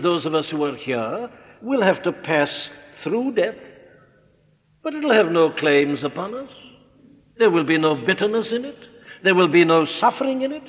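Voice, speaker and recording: A man preaching an expository sermon, earnest and emphatic, slowing down to stress his points. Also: fairly high pitch. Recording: echoey hall on a tinny narrow-band recording.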